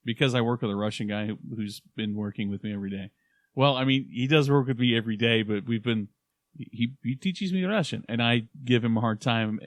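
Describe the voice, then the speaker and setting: A man's voice: mid-range voice, brisk, dry recording. A man from Oklahoma co-hosting a casual podcast, joking around and jumping between topics. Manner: joking, jumps between topics, puts on silly voices. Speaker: podcast co-host. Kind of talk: casual chat.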